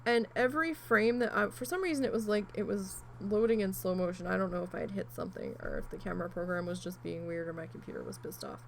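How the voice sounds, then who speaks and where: A woman vlogger telling a rambling, animated story in a casual chat while she crafts, with asides and mild swearing. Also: mid-range voice, fast, creaky, hardly any pauses, a little hiss or hum, poor audio.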